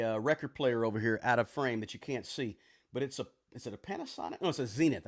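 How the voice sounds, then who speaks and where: A man hosting a personal finance live stream, casually reading viewer comments and shouting out where they tune in from, in a relaxed, conversational way. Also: medium pitch, no echo, clean studio sound. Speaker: personal finance livestream host. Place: home room with record player and bookshelves.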